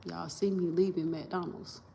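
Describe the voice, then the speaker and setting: Low voice lady going off on a phone livestream, cussing, repeating herself, faint noise behind. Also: level tone, unhurried, creaky, dark tone. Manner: emphatic, repetitive and profane, restarting sentences. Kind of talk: rambling livestream monologue.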